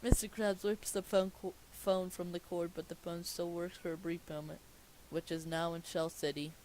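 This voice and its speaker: A man's voice: on the high side, level tone, normal speed, darkish tone, rough recording. A man reading a cartoon movie script aloud as comedy, stopping now and then to question the script. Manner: reads stage directions aloud, stops to question the script. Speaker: script reader. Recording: faint hiss behind.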